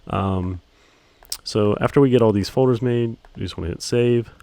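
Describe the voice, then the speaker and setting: A man with a very low voice walks through a software tutorial in an even monotone. He fills pauses with ums and keeps a relaxed, steady delivery as he explains each click. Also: no echo. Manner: calls his own voice monotone, relaxed, many ums. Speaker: video editing instructor. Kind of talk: screen-recorded software tutorial.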